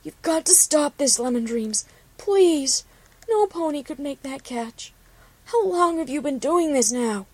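Female narrator doing a worried young pony mare: high, pleading, storybook. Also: expressive, unhurried, darkish tone, dry recording.

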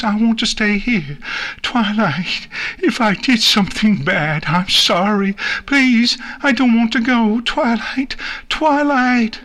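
A man reading an audiobook and voicing a small frightened filly pony with a high, wavering, tearful voice. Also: fairly bright tone, slightly rough, full character voice.

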